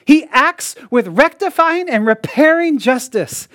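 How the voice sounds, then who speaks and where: A man's voice: very high-pitched, sing-song, unhurried, fairly bright tone, no room sound, clean studio sound. A man preaching a sermon in a conversational way. He often acts out the voices of people he quotes, sometimes mockingly, and fills his talk with "like" and small laughs. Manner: frequent "like" fillers and laughs.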